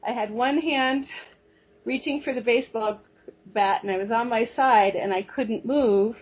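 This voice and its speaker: A woman's voice: fairly high pitch, unhurried, slightly rough. Woman on a talk show rambling thru a story, lots of restarts, muffled lo-fi sound. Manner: rambling, animated, with many restarts and asides. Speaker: guest. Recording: dull lo-fi audio.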